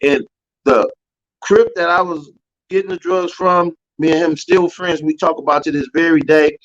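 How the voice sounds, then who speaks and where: Interview guest, man with a New Orleans accent, fairly high voice, storytelling testimony that acts out quoted voices. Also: fairly even intonation, normal speed, a bit bright, dull audio. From Louisiana. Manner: storytelling, acting out quoted voices, frequent "man" and "you know". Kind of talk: emotional personal testimony.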